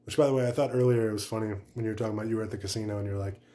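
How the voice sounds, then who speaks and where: A man's voice: fairly low pitch, fairly even intonation, racing, warm tone. Male podcast host, casual banter, jokey, laughs a lot. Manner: laughing, joking, crude banter. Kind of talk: casual chat.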